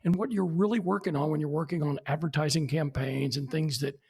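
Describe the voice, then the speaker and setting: This podcast guest in his 70s tells stories with plenty of animation, voicing each person he quotes. He talks fairly quickly in a higher-leaning voice that's gravelly with a breathy edge.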